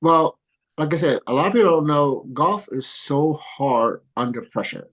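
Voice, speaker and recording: A man's voice: a little high, lively intonation, normal speed, a bit bright, poor audio. A middle-aged man coaching golf, speaking in a podcast interview. He tells stories with plenty of energy, laughs often, and acts out the voices of the people he quotes. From came to the U.S. as a kid. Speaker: golf coach and father of a pro golfer. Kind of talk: animated storytelling in a podcast interview.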